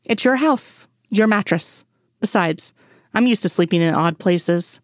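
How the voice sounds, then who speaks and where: A woman's voice: medium pitch, measured pace, dry recording, clean studio sound, close to an everyday voice. A woman voicing a wry grown man, a teasing FBI agent, in a fan story reading. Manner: teasing, laughing.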